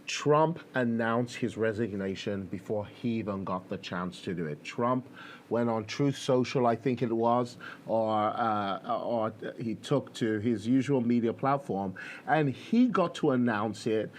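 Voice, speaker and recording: A man's voice: mid-range voice, unhurried, slight background noise. Guy doing podcast commentary, rambly, lots of ums and restarts. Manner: chatty, many fillers and restarts. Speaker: podcast host. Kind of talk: casual commentary.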